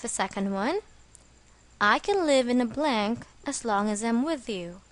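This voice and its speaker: A woman's voice: fairly high pitch, lively intonation, a little slow. A woman reading a scripted English vocabulary lesson as the teacher, speaking carefully and stressing syllables.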